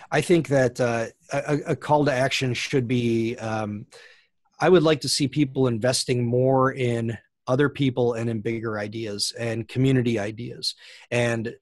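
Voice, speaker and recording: A man's voice: mid-range voice, fairly even intonation, a little slow, dry recording. A middle-aged man, a plant scientist, giving thoughtful interview answers with frequent fillers and restarts.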